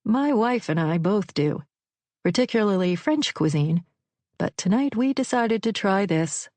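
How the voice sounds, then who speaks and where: A woman's voice: mid-range voice, expressive, a little slow, a little mellow, dry recording, close to an everyday voice. A woman voicing a courteous married diner in an audiobook, speaking politely and genially.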